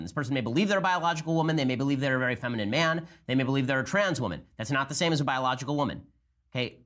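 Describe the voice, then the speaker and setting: A male commentator talks fast and combatively, breaking into a clip to argue his view point by point. His voice sits at a middle pitch. He keeps pressing with a rhetorical "okay?". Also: fairly bright tone. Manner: combative, argumentative, repeats "okay?" for emphasis. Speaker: political commentator.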